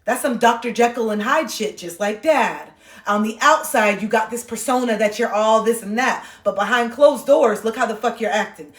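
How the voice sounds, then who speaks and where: A woman hosting a casual livestream, talking in an animated, emphatic way with plenty of swearing. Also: a little high, normal speed, echoey room, recorded from a distance. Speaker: livestream host. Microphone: phone.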